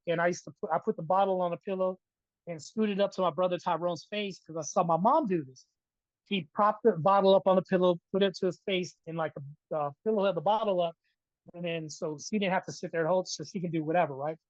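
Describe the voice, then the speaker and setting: A man's voice: sits high, dry recording. Guy telling his story in an interview, keeps saying "right?", dry dull sound. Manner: animated, keeps adding "right?". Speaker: interview guest.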